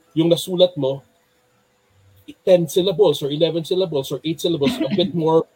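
A Filipino man with a somewhat higher voice gives an informal talk on dubbing. He explains things in a chatty, animated way and switches freely between Tagalog and English. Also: breathy edge, low-quality recording. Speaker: dubbing workshop presenter.

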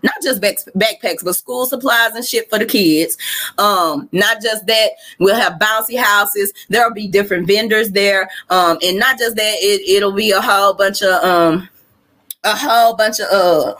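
Woman, Southern US accent, podcast host, blunt profane rant, bright tense voice, somewhat high. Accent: Southern US (Arkansas). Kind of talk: livestream rant.

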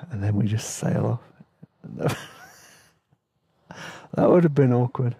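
A man rambles through a travel story in a relaxed, chatty way, full of slang and easy laughs. His voice is gravelly and mellow. It is recorded close up and dry on a podcast mic. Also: medium pitch, takes it slowly, long pauses, no room sound. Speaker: podcast host telling travel stories. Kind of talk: casual storytelling.

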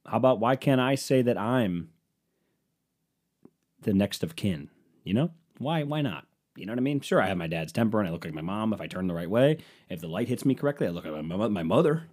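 Man, lowish voice, rambling comic monologue, profane, sarcastic asides. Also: expressive, a little fast, darkish tone.

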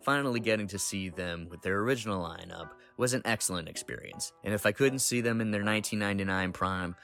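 A man's voice: lowish voice, fast talker, gravelly, fairly bright tone, soft background music. A man in his thirties reading an enthusiastic concert review aloud for a podcast. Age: 30s. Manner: enthusiastic storytelling.

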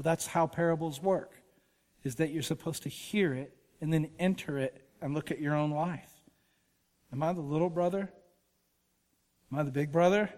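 A man preaching as a guest speaker, animated and emphatic, with casual asides. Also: on the high side, in a large hall. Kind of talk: sermon. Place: church auditorium.

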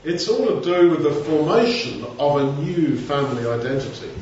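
A man's voice: fairly high pitch, big pitch swings, moderate pace, darkish tone, slight background noise. A man giving an informal Bible teaching, talking conversationally with rambling asides. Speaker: preacher. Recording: echoey room, distant mic, dull sound.

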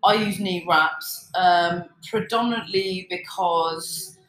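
A woman's voice: lowish voice, slow pace, a bit bright. A woman co-hosting a fitness talk, speaking casually and hesitantly with many fillers. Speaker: fitness podcast co-host. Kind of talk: casual chat. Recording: roomy echo.

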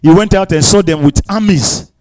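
A man preaching a sermon with emphatic repetition, sudden shouted bursts and quiet asides, breaking into tongues between points. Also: sits high, normal speed, low-quality recording.

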